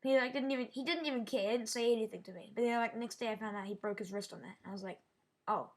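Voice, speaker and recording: A woman vlogging a personal story in a halting way, often restarting her sentences and sounding shaken. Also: on the high side. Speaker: YouTuber. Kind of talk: casual storytelling vlog.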